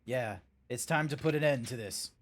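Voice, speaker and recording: A man with an Australian accent reading a gruff male ally's lines aloud in a low, flat voice. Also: normal speed, natural voice. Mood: serious.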